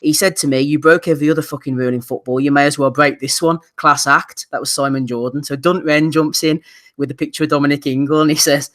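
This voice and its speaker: British male co-host, fairly high voice, casual and giggly. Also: a little fast, fairly bright tone. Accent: British English. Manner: laughs readily, reads out listener nominations. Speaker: podcast co-host. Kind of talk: casual boxing chat.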